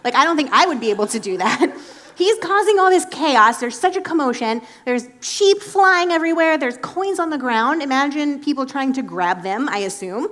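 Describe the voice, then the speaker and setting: Chatty, animated woman preaching casually. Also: sits high, a little fast, few pauses. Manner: chatty and animated, heavy use of "like". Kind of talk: casual sermon.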